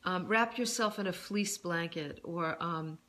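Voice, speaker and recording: A woman author talking through self-soothing advice in a casual, gentle monologue, pausing often with fillers and restarts. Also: on the low side. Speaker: self-help author and speaker.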